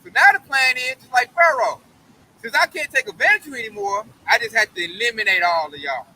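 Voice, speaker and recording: A man's voice: high voice, animated, brisk, bright, forceful tone, slightly rough, poor audio. A man giving an emphatic, slangy Bible study, often tagging his points with "man". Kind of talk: casual preaching discussion.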